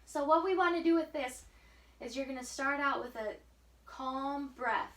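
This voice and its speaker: A woman's voice: sits high, normal speed, a bit bright. A woman physical therapist patiently coaching a patient through breathing and walking exercises, counting out each breath. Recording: echoey room, far from mic, faint hiss.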